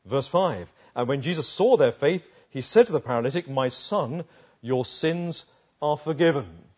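A man's voice: mid-range voice, expressive, normal speed, a little mellow, slightly rough, highs cut off. A man preaching a sermon on a Bible passage, retelling it vividly and asking the listeners rhetorical questions.

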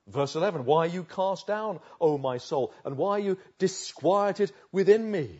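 A man preaching a sermon, swinging from loud urging to hushed, slow pleading. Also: on the high side, animated. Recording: dull lo-fi recording.

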